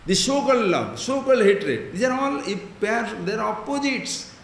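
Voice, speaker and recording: High-voiced male teacher in a roomy hall. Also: sing-song, normal speed, vocal fry, a bit bright, slight background noise. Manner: questioning the audience, explaining Sanskrit terms. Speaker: swami, spiritual teacher. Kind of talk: spiritual discourse.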